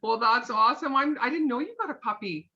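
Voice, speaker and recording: A bright, forceful woman coaches a room in a chatty, encouraging way, slipping into quick acted-out moments. Her voice comes through muffled and dull, like a lo-fi recording. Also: fairly high pitch. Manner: chatty, encouraging, acts out little scenes. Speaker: sales team trainer. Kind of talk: live motivational coaching talk.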